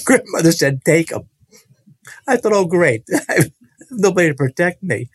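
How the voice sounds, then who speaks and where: A man's voice: medium pitch, vocal fry, dry recording. Brief: man sharing his testimony, earnest storyteller, medium voice, dry close sound. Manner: earnest, vivid storytelling with many restarts. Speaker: guest telling his testimony. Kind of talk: personal faith testimony in conversation.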